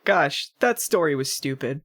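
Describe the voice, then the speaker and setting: A woman's voice: low voice, expressive, measured pace. A woman co-hosting a podcast, chatting casually about a TV episode, full of fillers and frequent laughs. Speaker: podcast co-host. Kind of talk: casual chat recapping a TV episode.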